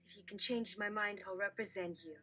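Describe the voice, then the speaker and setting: A woman voices a skeptical male talent agent with a dry, businesslike manner. Her tone is bright and forceful, set over faint background music. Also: mid-range voice, a little fast, natural voice.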